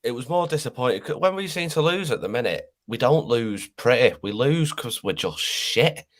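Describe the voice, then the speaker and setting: A man's voice: medium pitch, animated, normal speed. A man on a fan panel video call, ranting in exasperation and swearing. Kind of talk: casual fan panel chat.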